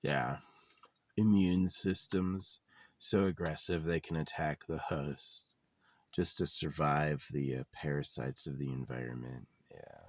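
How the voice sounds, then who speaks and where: Deep, dry-voiced man rambling sardonically. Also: steady tone, slow, dry recording. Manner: meandering, sardonic, swears casually. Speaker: vlogger. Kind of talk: rambling monologue. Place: lives in a van.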